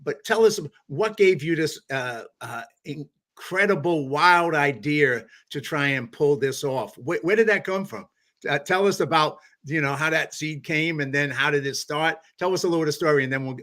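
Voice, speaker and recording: A man's voice: a little high, moderate pace, a bit bright. A man hosting an interview, encouraging his guests and rambling with many fillers and restarts. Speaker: podcast host. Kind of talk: interview conversation.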